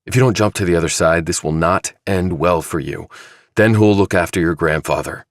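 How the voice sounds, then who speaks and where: A calm, probing investigator, read by a deep-voiced man. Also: a little fast, no echo, clean studio sound. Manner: level, pressing questions. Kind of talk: audiobook dramatization.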